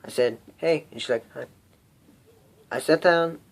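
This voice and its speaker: A man's voice: on the high side, a little slow. A teenage boy telling a personal story in an unscripted vlog, rambling and self-mocking, hot and sweaty. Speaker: vlogger.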